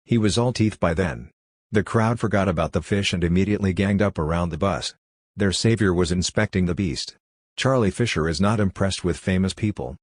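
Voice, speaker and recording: A man's voice: low-pitched, fairly quick, no room sound. A man giving a wry, matter-of-fact first-person audiobook narration into a close mic.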